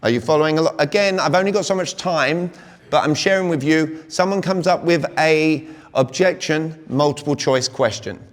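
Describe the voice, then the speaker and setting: Energetic British male seminar coach, slightly high voice, reverberant hall. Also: normal speed. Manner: energetic, fires rhetorical questions at the crowd. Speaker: communication coach speaking to a sales audience. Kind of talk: live seminar talk. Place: large hall with an audience.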